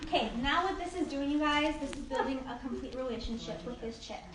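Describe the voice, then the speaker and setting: A woman's voice: high-pitched, quick pace, fairly bright tone. A woman giving a casual group training talk on networking, upbeat and chatty, with frequent "like" and "okay?". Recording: echoey room, mic from a distance, faint noise.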